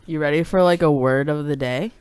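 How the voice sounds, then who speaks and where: A woman's voice: deep voice, brisk, a crowd in the background. An American woman co-hosting a podcast, chatting casually, laid-back and giggly, swearing freely. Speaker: podcast co-host. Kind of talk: casual chat.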